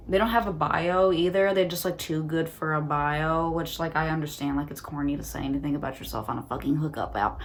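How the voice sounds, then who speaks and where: A woman's voice: low voice, normal speed, a little hiss or hum. Chatty young woman, sarcastic and rambling. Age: 20s. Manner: chatty, frequent "like", sarcastic and profane. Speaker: vlogger. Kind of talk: casual rambling chat to camera. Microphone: phone on a tripod.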